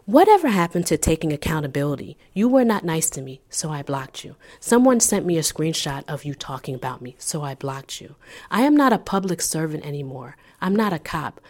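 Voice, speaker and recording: A woman's voice: sits low, sing-song, brisk, a little mellow. A woman co-hosting a podcast in casual chat, blunt and profane, ranting with fire. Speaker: podcast co-host.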